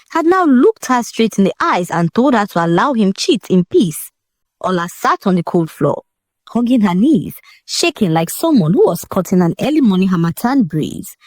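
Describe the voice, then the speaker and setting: A woman narrating a dramatic folk tale in a vivid, expressive storytelling manner. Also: mid-range voice, no room sound.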